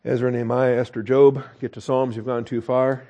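A man preaching a sermon from a church pulpit as pastor, wry and animated, with self-mocking asides. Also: mid-range voice, brisk, highs cut off.

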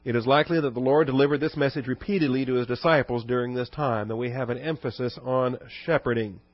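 A man preaching an expository sermon to his congregation, teaching conversationally and reading scripture quotes slowly and low. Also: fairly even intonation, dry recording. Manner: conversational teaching with rhetorical questions. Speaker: pastor. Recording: dull dry recording.

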